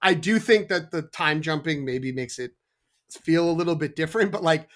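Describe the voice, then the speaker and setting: Man, fairly high voice, film podcast panelist, hesitant, stammering, lots of fillers. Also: moderate pace, fairly bright tone. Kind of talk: casual film discussion.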